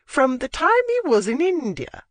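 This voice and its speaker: An audiobook narrator voicing an elderly aristocratic lady who gossips bawdily in a high, swooping voice. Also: wildly swooping pitch, measured pace, dry recording, full character voice. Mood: gossiping.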